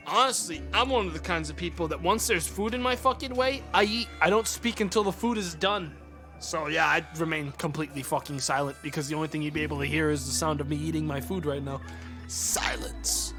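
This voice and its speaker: Profane, bright-voiced man streaming a game. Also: a little high. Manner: profane, ranting, reads narration aloud. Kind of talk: casual let's play commentary.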